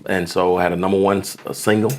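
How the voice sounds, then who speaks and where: A man who is a pastor, speaking as a guest in a relaxed interview, with earnest phrasing like a sermon. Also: low-pitched, fast talker. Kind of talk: casual interview chat.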